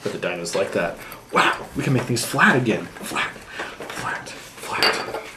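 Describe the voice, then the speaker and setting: A young father playing with his toddler at home, talking in exaggerated sing-song baby talk that leaps into a high voice. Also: sing-song, brisk. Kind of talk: playful home video chat with a small child. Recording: echoey room with loud background noise.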